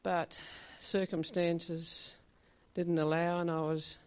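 A woman's voice: lowish voice, little pitch movement, takes it slowly. An older woman telling a personal testimony at a church meeting, in chatty storytelling style. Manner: chatty storytelling, acts out quoted dialogue. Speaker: church member giving a testimony.

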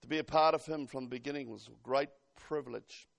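A man preaching a fervent sermon to a congregation, swinging between loud exhortation and hushed asides. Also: mid-range voice, fast talker, gravelly.

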